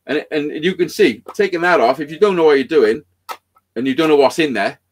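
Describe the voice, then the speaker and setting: Guy, slightly high voice, sweary anecdotes on a live stream chat. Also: animated, brisk. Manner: swears constantly, acts out quoted dialogue animatedly. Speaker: livestream co-host. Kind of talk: casual storytelling chat.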